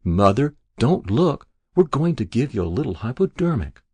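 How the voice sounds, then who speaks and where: A man reading the lines of an anxious grown daughter who coaxes her dying mother gently. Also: mid-range voice, very animated, moderate pace, breathy edge. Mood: coaxing. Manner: gentle, coaxing.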